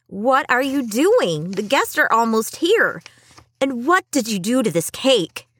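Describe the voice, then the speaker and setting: Breathy, swooping, impatient scolding wife, as a man narrating puts her on; high and bossy. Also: sing-song, unhurried, a bit bright, no room sound, studio quality, full character voice. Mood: exasperated. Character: exasperated scolding wife, adult woman, bossy.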